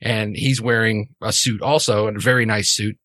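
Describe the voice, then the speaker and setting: A man's voice: fairly low pitch, level tone, moderate pace, a bit bright, dry recording, clean studio sound. A man narrating a tabletop game as game master, in a casual way full of fillers.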